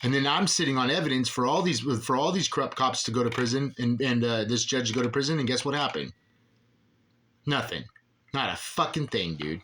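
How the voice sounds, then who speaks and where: A man's voice: mid-range voice, brisk, a bit bright, slight background noise. A man in an agitated, profane monologue, rambling with many restarts as an aggrieved father ranting about officials. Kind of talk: angry monologue.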